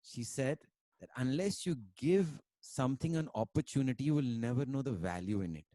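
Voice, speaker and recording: Guy rambling thru a story on a video call, mid pitch, dry sound. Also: lively intonation, brisk, mellow, dry recording. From India. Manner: rambling, many fillers, mixes in Hindi words. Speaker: musician guest. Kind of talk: casual conversation and storytelling.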